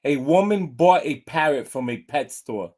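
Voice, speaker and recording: Slow, rambling man hosting a pet show. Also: fairly high pitch, expressive, a little mellow. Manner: rambling and casual, with many fillers. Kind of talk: casual vlog chat and joke telling. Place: at home with his dog.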